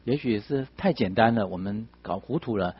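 A man interpreting a sermon phrase by phrase, rendering each line quickly after the preacher. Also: lowish voice, expressive, husky, muffled recording.

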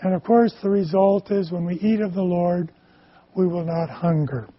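A man with a high, slightly husky voice preaches a sermon. He speaks in short phrases and leaves room for an interpreter after each. The recording sounds dull and muffled. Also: fairly even intonation, normal speed.

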